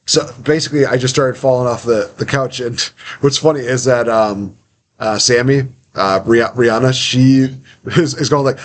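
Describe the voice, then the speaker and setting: A man's voice: medium pitch, normal speed, a little hiss or hum. A young man hosting a casual interview, chatty and rambling, acting out little quotes as he tells stories. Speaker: podcast host.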